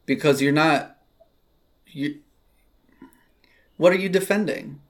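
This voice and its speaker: A man hosting a casual conversation, reflective, with soft backchannels and pointed questions. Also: on the high side, takes it slowly.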